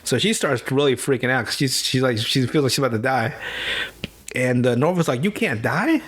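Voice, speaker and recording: A man hosting a podcast, retelling a show in a rambling, profane, animated way. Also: medium pitch, brisk. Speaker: podcast host. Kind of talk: casual show recap.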